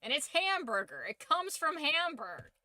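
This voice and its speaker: A woman's voice: high voice, sing-song, a little slow, pushed and bright, no room sound. A woman hosting a casual livestream, giving an opinionated, profanity-laced rant. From United States. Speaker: streamer and channel host.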